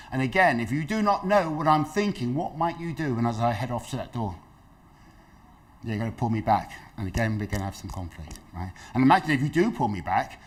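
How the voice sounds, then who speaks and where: A middle-aged man leads a dementia awareness session. His pitch swings widely as he tells stories, and he slips into the voices of the people in them. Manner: lively storytelling, acts out quoted voices. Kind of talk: health talk to an audience.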